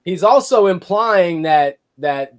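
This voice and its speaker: A man's voice: high-pitched, expressive, takes it slowly. Heated man in a sports debate. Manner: heated, rambling with restarts. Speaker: podcast co-host.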